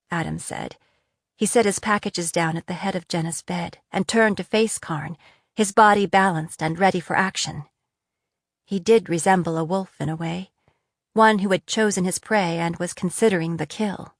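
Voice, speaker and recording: A woman narrates a fantasy novel at an even, measured pace. Her voice sits at a middle pitch. The recording is dry and close. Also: no echo. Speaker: audiobook narrator.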